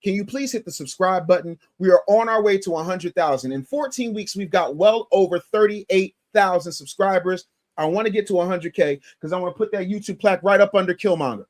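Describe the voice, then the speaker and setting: A man's voice: high-pitched, a little fast. A man hosting a live stream, reacting to a clip and reading viewer super chats aloud with energy. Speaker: livestream host.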